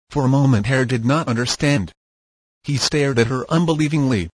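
A man narrating a novel in a measured, steady reading voice. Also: medium pitch, breathy edge, no echo, low-quality recording. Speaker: audiobook narrator. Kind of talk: scripted narration.

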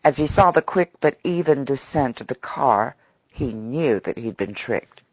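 A man narrating an old-fashioned story with dramatic expression. His delivery is unhurried and his pitch rises and falls a lot. The recording is dry and close to the mic. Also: animated, slightly rough, no room sound. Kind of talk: audiobook narration.

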